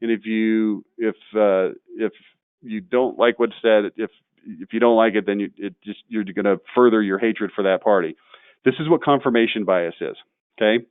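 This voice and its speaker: A man presenting a marketing webinar, blunt and quick to get worked up as he tears into examples. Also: on the low side, clear, resonant tone, dry recording, phone-quality sound. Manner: blunt, gets worked up and ranting.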